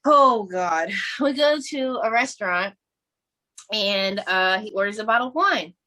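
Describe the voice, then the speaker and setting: A woman with a bright, forceful voice tells a story on a podcast in casual chat. She is animated, frank and bawdy. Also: mid-range voice, measured pace. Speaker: podcast guest.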